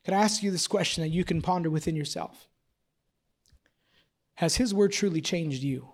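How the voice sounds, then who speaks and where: This thirtysomething pastor has a voice on the high side and preaches at normal speed. His tone is joking and confessional, loaded with "like," fillers, and restarts, and it eventually rises into urgent, repeated questions.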